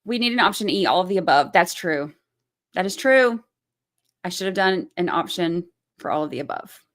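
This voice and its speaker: A woman's voice: fairly low pitch, animated, normal speed, a bit bright. A woman hosting a livestream, giving heated commentary in blunt, profane language and repeating her points for emphasis. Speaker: channel host.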